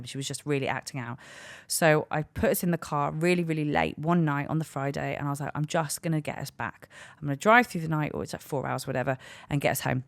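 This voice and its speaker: A woman in her thirties with a low voice tells a story with frank, self-mocking humour. She rambles and restarts her sentences as a comic podcast host. She is recorded dry and close on a studio mic. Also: a bit bright, dry recording. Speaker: podcast host and stand-up comedian.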